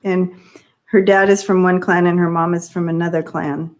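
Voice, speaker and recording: A woman's voice: lowish voice, little pitch movement, moderate pace, darkish tone. A woman co-hosting a casual livestream on a video call. She talks in a friendly way, explains things and reads out the chat. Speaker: livestream co-host.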